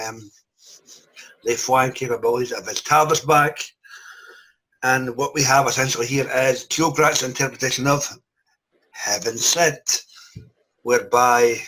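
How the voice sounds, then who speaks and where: A man's voice: medium pitch, sharp tone, rough recording. A man hosting a casual podcast chat, introducing guests with jokes and lots of filler words. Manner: jokey, rambling with fillers. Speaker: podcast host.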